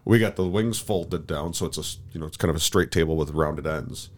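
Speaking a little fast in a bass voice, this man co-hosts a podcast. He chats casually and meanders, often starting over and leaning on filler words.

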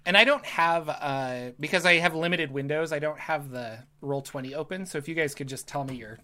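Bright-voiced woman game master. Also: sits low. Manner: halting, with many fillers. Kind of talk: running a tabletop game.

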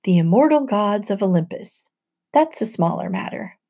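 A woman plays a kind teacher explaining patiently, with formal, gentle phrasing. The tone is warm and mellow. It is a storybook audiobook read. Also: medium pitch, lively intonation, normal speed. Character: kindly, patient male teacher. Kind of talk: audiobook narration.

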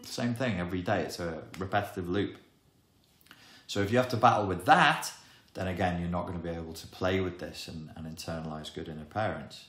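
A man gives an emphatic self-help talk, wry in tone and fond of dramatic pauses. His voice sits very low. The sound is roomy and echoing. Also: a bit bright. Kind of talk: explanatory monologue to camera. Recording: echoey room.

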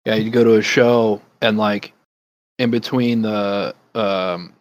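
A man's voice: lowish voice, fairly even intonation, takes it slowly, rough recording. A man in casual chat as a podcast co-host, rambling and laid-back, cursing freely as he reminisces.

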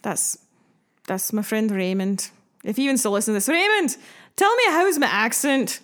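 A young American woman hosts a podcast in a relaxed, chatty way. Her voice sits a little on the high side, and she keeps breaking into giggles as she jokes along. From United States. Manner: playful, giggly and quick with jokes. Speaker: podcast host. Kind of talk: casual chat.

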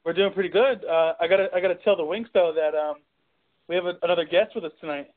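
A man calling in to a podcast by phone, joking quickly with the hosts. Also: high voice. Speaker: phone-in guest. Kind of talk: casual comedic banter. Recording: tinny phone line.

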